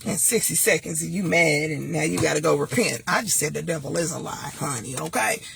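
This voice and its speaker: A woman, chatting casually and sassily to viewers, preachy at times and laughing loudly. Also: fairly quick, gravelly, a little hiss or hum. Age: 50s. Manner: sassy, preachy, laughs loudly and swoops high when joking. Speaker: host. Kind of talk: casual livestream chat.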